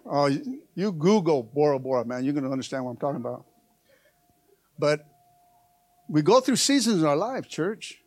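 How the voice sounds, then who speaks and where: Man, pastor, high voice, dry close sound, lively sermon with loud calls. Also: normal speed, pauses often, no room sound. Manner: preachy, rising to shouts, joking asides.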